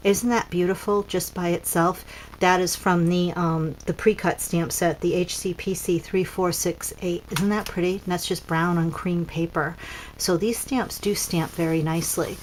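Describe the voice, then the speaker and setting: A woman's voice: on the low side, fairly even intonation, normal speed, a little hiss or hum, low-quality recording. Chatty woman showing off craft cards. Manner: chatty, pointing things out, frequent ums. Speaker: papercraft supply seller. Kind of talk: casual product demonstration.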